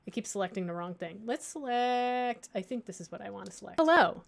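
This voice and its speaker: A woman at an ordinary pitch walks a class through audio editing in a relaxed, chatty way. She pads her sentences with fillers, restarts mid-thought and jokes at her own slips. It sounds like an informal library workshop, not a script. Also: a little fast, vocal fry. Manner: chatty, many fillers and restarts, thinks aloud; playful, lightly self-mocking. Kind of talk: casual screen-share software tutorial.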